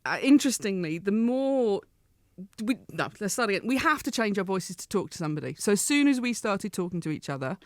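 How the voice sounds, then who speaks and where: A woman with an English accent, a scientist explaining her field in a chat, quick and lively with restarts. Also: mid-range voice, no room sound, clean studio sound. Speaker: neuroscientist guest.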